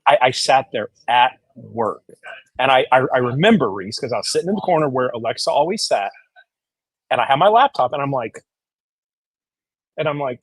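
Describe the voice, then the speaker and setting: Casting: husky, blunt man, casual livestream guest, dry close sound. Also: medium pitch, normal speed, long pauses, no echo, rough recording. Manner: blunt, profane, animated retelling.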